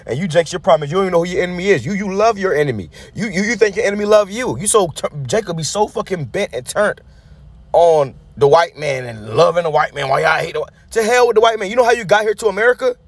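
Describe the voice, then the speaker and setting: A man's voice: high-pitched, lively intonation, fast talker, no echo. A man preaching in a heated, blunt, profane way, commenting on a news clip with frequent restarts and a repeated tag word. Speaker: street preacher. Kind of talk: angry sermon-style commentary on a news clip.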